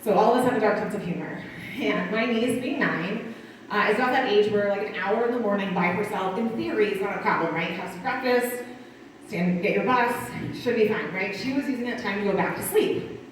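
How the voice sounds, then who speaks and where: A woman in her thirties from Connecticut doing a rambling stand-up set with dark humor and lots of asides. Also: medium pitch, a little fast, a little hiss or hum. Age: 30s. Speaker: stand-up comic. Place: small live performance venue. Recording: distant echoey room mic.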